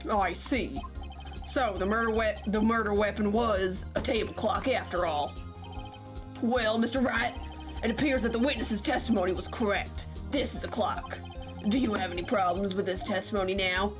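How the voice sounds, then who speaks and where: A woman voicing a stern elderly male judge in a slow, formal manner, with game music behind. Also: mid-range voice, natural voice.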